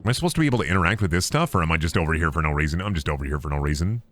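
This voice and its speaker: A man's voice: rumbling low, expressive, very fast, fairly bright tone. A man streaming a game, chatting casually with jokes, swearing and silly sing-song voices. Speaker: gaming streamer. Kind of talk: casual live-stream chat over gameplay.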